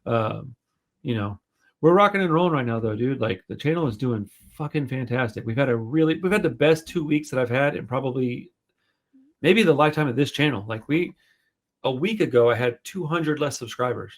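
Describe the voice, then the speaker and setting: A man's voice: medium pitch, lively intonation, fairly quick. A man hosting a podcast in casual chat, rambling and swearing freely, self-deprecating. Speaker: podcast host.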